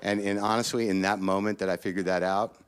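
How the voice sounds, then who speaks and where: A middle-aged man doing a stand-up comedy set, ranting neurotically and jumping into panicked high-pitched voices. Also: steady tone, fast, slight background noise. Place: comedy stage before a laughing audience.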